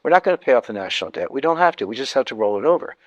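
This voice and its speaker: A man of mid pitch talks as an interview guest. He hammers his main points by repeating them and restarts sentences as he explains, all in a dry, close sound with no room echo. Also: big pitch swings, very fast, lo-fi sound. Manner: emphatic, repeats key points, frequent restarts. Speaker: interview guest, economic commentator.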